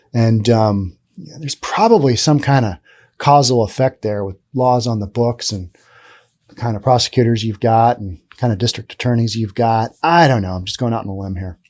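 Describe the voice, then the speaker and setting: A man's voice: mid-range voice, a little mellow. A middle-aged man hosting a solo podcast, talking casually with rambling, sarcastic asides. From Pacific Northwest, US. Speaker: podcast host.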